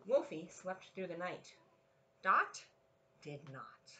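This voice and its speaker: Lively woman reading storytime. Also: fairly low pitch, slow, background noise. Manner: lively, encouraging read-aloud. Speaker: children's librarian.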